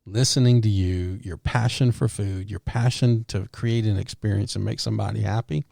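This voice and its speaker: A man with a low, gravelly voice tells a story in a relaxed podcast chat. His tone is dark and mellow and the sound is dry and close. He acts out the lines of the people in his story as he goes. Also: moderate pace, no echo. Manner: relaxed storyteller who acts out quoted dialogue. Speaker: podcast co-host.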